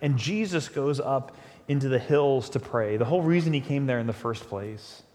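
A male pastor delivers a sermon, retelling the story with lively energy and acting out the dialogue. His voice sits in an ordinary middle register. A long church-hall reverb trails each phrase. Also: mid-range voice, moderate pace. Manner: animated storytelling, acts out quotes.

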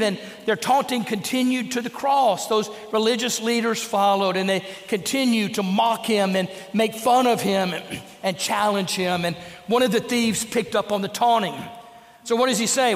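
A man's voice: high-pitched, normal speed. A man preaching a sermon as pastor, earnest and emphatic, in a church sanctuary. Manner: earnest, emphatic preaching with dramatic acted quotes. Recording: long reverb of a church sanctuary.

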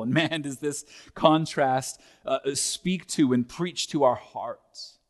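A man's voice: mid-range voice, slow pace. Man preaching an earnest sermon. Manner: earnest preaching, building intensity through repeated phrases. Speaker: pastor.

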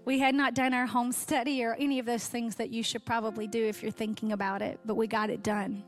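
Woman, pastor's wife, raised voice, preaching a testimony over soft music. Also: on the high side, level tone, brisk. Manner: heartfelt storytelling, voice catching with emotion. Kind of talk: sermon testimony.

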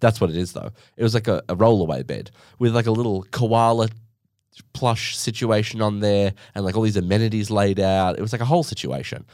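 A man's voice: fairly low pitch, fairly quick, a little mellow, no room sound, studio quality. A man telling a story in a casual monologue, dramatic and sarcastic, swearing freely.

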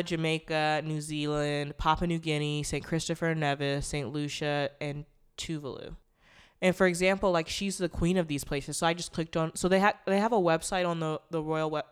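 A woman's voice: deep voice, a bit bright, clean tone. A young woman hosting a podcast, talking in a casual, rambling way, often correcting herself and speaking bluntly and irreverently. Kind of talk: casual commentary monologue.

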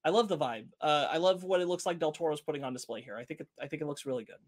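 A man's voice: fairly high pitch, racing. Man, podcast host, casual movie chat, eager, rambling.

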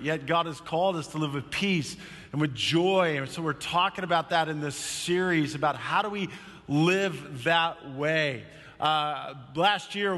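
A male pastor preaching a sermon in church, telling a story with lively energy and acting out quoted voices. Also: a little high, in a large hall.

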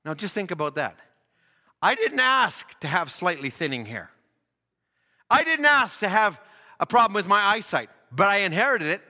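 A man's voice: sits high, very animated, normal speed, bright, forceful tone. A man preaching a sermon earnestly, building emphasis through rhythmic repetition. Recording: long reverb of a church hall.

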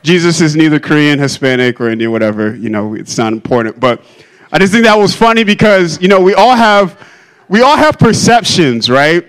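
A man's voice: on the high side, sing-song, fairly quick, a bit bright, clear, resonant tone, low-quality recording. A male pastor opening his sermon in a joking, self-deprecating, conversational way.

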